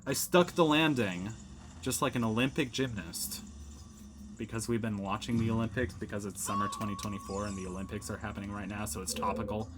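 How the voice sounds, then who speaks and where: A man's voice: fairly low pitch, little pitch movement, fast, noisy background. A man hosting a casual let's play, rambling through gameplay commentary with lots of fillers and self-mocking asides, recorded at home.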